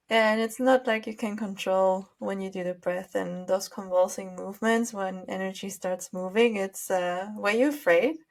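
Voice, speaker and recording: A woman hosting an interview, thanking her guest and asking gentle, rambling questions. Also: medium pitch. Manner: warm-toned questions, laughs often. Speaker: host.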